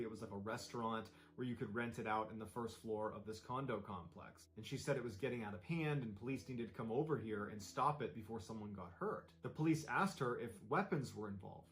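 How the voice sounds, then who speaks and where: A man's voice: lowish voice, fairly quick, hardly any pauses, fairly bright tone. A man narrating a true crime story in a conversational, dramatic retelling style.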